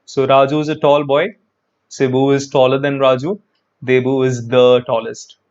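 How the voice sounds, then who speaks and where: A man's voice: mid-range voice, level tone, moderate pace, a little mellow, dull audio. A man teaching an English grammar lesson online, chatty and repetitive, talking straight to his viewers and answering their comments. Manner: chatty, repeats words, talks to viewers.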